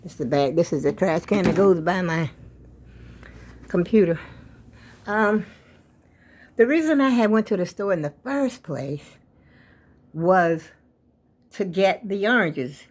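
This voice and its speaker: A woman's voice: on the low side, expressive, unhurried, pauses often, a little mellow. An older woman, chatting casually at home for a vlog, rambling and a bit out of breath. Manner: rambling, chatty, addresses viewers as y'all. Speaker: vlogger.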